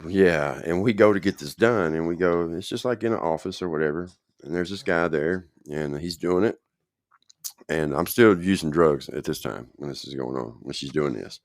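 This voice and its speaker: Very deep-voiced man telling a story. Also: moderate pace, no echo, studio quality. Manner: rambling, checks in with the listener often. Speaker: podcast host telling his own story. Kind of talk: casual spoken storytelling.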